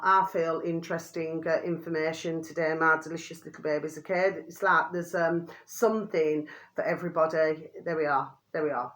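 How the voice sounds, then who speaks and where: A woman's voice: lowish voice, a bit bright. Rambling older woman vlogger. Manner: chatty, repeats pet phrase constantly, strays off topic. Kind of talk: rambling casual monologue to camera.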